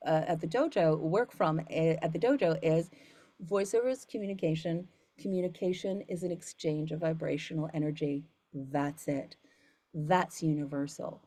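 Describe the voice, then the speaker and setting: An earnest woman voiceover coach answers student questions in a loose, rambling way, full of ums and restarts. Her voice sits fairly low, and it is recorded close and dry with no room sound. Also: a little mellow, dry recording. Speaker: voiceover coach and studio founder. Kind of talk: casual Q&A talk to students.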